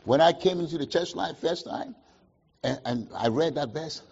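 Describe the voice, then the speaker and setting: Husky emphatic male preacher, lo-fi. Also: a little high, lively intonation, normal speed. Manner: call-and-response questions, emphatic swings in loudness. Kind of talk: sermon.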